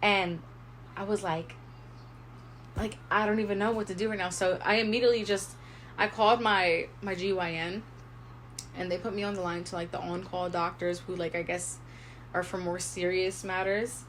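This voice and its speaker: A young woman in her twenties tells a personal story on a podcast, chatting loosely with lots of "like" and acted-out inner thoughts. Her voice sits at an ordinary middle pitch, with a faint hiss of noise behind her. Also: moderate pace. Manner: chatty, heavy use of "like", animated retelling with quoted inner thoughts. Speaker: podcast co-host. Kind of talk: casual storytelling chat.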